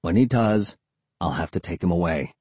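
A man voicing a grim, stern middle-aged father who speaks low and firm. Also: animated, normal speed, darkish tone, breathy edge, no echo.

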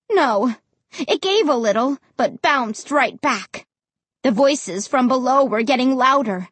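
Breathy woman narrating a spooky story. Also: expressive, unhurried, fairly bright tone, no room sound. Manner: dramatic, voices characters with big pitch jumps. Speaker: audiobook narrator. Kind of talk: expressive audiobook narration.

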